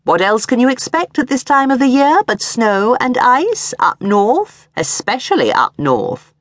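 A man's voice: very high voice, sing-song, unhurried, fairly bright tone, no room sound, pitched above the performer's own voice, heavily acted. A woman voicing a stern, condescending middle-aged husband who lectures in a coolly reasonable tone, in an audiobook reading. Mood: lecturing.

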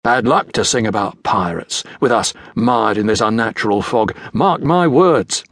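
A man playing a weather-worn old seaman, gruff and superstitious, who snarls his warnings low and husky. The recording is close and dry, with no room sound. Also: expressive, unhurried, fairly bright tone, no room sound, full character voice. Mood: insistent. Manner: snarling, muttering. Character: gruff superstitious older male sailor.

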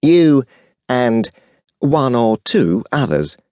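A man voicing a second male angel in an audiobook, explaining things slowly and gently. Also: mid-range voice, big pitch swings, clear, resonant tone, no echo. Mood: calm. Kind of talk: audiobook character voice.

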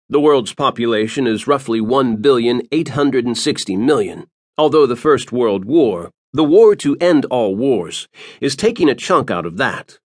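A man narrating an audiobook with a dramatic, expressive reading. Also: mid-range voice, no room sound, clean studio sound.

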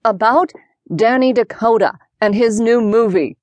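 A woman voicing a friendly older boy cousin who shares news slowly and excitedly. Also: a little high, no echo, muffled recording, natural voice.

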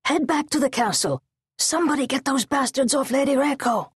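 A woman reading an audiobook voices a male samurai guard captain who shouts orders in a raised, higher pitch. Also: brisk, no room sound, clean studio sound. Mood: urgent.

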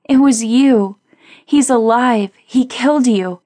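A woman's voice: a little high, slow, warm tone, voice pushed up. A woman narrator voicing a frightened young woman waking from a nightmare, with a raised, urgent voice. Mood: fierce.

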